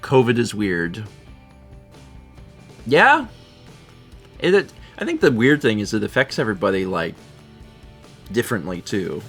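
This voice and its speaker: Chill guy with a lowish voice reading chat on a live stream, faint music behind. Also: lively intonation, normal speed, breathy edge. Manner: laid-back, chuckles often. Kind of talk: casual chat, reading viewer messages.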